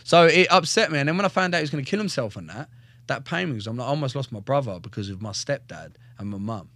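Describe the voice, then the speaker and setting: A man's voice: medium pitch, quick pace, dry recording. A young man, a fighter, telling his life story on a podcast in casual, swear-filled talk. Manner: heavy swearing, animated, acts out quotes. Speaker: guest, fighter.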